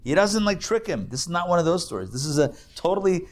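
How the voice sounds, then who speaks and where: A man's voice: high-pitched, big pitch swings, fast talker. A rabbi, a man, teaching a live class to a group and telling a story with playful asides and jokes. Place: classroom with audience.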